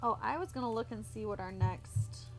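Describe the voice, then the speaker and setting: A woman's voice: a little high, normal speed, over music. A young woman streamer chatting casually with her viewers, giggly and a bit tired. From United States. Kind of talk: casual live-stream chat.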